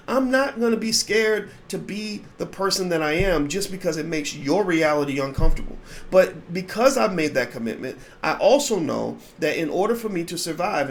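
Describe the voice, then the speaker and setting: A man's voice: fairly high pitch, a bit bright, a little hiss or hum. A man hosting a commentary channel, delivering an emphatic, blunt monologue and often repeating words as he starts his sentences.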